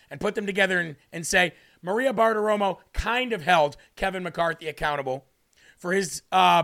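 A man's voice: high-pitched, creaky, a bit bright. A man hosting a live show, leading a prayer and then giving combative, emphatic political commentary. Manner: combative, emphatic, drawn-out delivery. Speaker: host.

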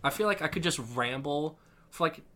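A man chatting casually as a podcast co-host, excitable and rambling, laughing often. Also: on the high side, fairly quick. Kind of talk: casual chat.

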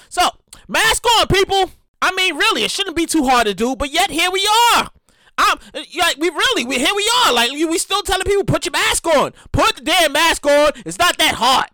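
A man hosting his own podcast in a casual solo monologue, animated and profane, often repeating himself. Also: very high voice, brisk, no room sound. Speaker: podcast host.

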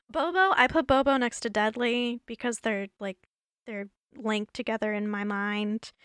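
A woman's voice: fairly high pitch, unhurried, a bit bright, clear, resonant tone, no room sound. Female podcast host, giggly rambling chat, tired worn-out voice, dry close-miked sound. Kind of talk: casual solo podcast chat.

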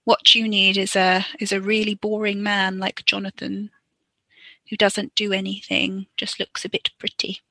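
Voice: mid-range voice, completely flat delivery, moderate pace, gravelly, sharp tone, no echo, poor audio. A podcaster voicing a practical, dismissive young woman who teases her romantic friend. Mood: teasing.

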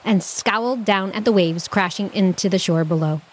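A woman who hosts a children's podcast, reading a storybook aloud in a playful, unhurried way. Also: mid-range voice, a little hiss or hum.

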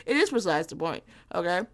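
A young woman from Gary, Indiana, hosting her own podcast in a brash, profane, teasing comedic monologue. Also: fairly low pitch. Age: young adult. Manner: brash, profane and animated, quick to tease. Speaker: podcast host.

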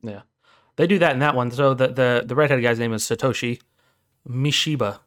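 A man co-hosting a podcast in casual chat, profane and retelling scenes with quick acted quotes. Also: medium pitch. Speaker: podcast co-host.

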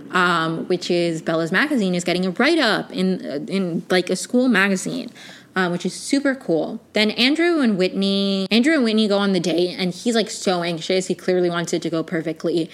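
Young woman, slightly low voice, casual vlog reviewer, rambly and gushing, lots of filler words. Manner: rambling, many "like" fillers and restarts; gushing, emotionally invested. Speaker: TV review vlogger.

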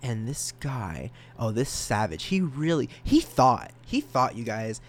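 Rambling, excitable young man. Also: mid-range voice, measured pace. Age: young adult. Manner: rambling, excitable, self-conscious, with stammered restarts. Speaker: podcast host. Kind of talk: solo casual podcast chat.

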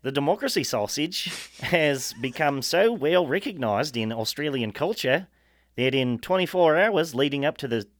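A man's voice: fairly high pitch, expressive, no echo. Dry-sounding American man reading notes. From United States. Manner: reads facts slowly, stumbles on words, laughs often. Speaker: podcast co-host. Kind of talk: casual chat, reading notes aloud.

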